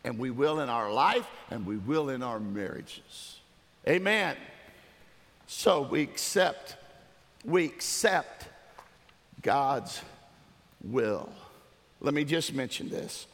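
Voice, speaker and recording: A man preaching a sermon as pastor, repeating phrases for emphasis and swinging from hushed, drawn-out quiet to emphatic shouting. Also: medium pitch, lively intonation, in a large hall.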